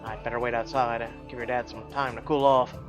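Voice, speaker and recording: A man voicing a friendly, easygoing young cowboy, speaking softly and in a low-key way. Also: little pitch movement, fast talker, music in the background, lightly acted. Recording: dull lo-fi audio.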